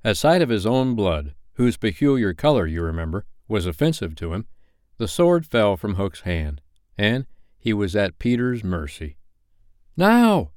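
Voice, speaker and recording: Male storyteller for audiobook narration; animated, smooth, somewhat low voice. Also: moderate pace, no room sound, clean studio sound. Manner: expressive, lively reading.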